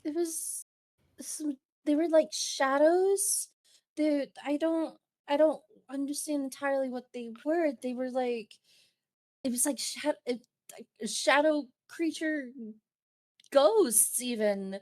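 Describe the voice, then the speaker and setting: A woman's voice: high-pitched, slow pace, darkish tone. A woman playing in a tabletop game, speaking hesitantly in character with many restarts. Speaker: player. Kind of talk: in-character tabletop role-play.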